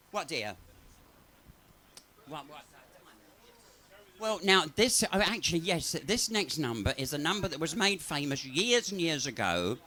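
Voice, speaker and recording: A bawdy comedian spins chatty, crude stories live in a pub, swearing freely. His voice sits fairly high, bright and forceful, and swings widely up and down. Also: very animated, a little slow, long pauses. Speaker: comedian and cabaret entertainer. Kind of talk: live stand-up storytelling. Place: pub venue, live audience.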